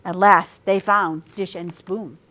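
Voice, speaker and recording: A woman reading a picture book aloud at storytime, expressive and sing-song through the rhymes. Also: mid-range voice, slow. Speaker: storytime reader.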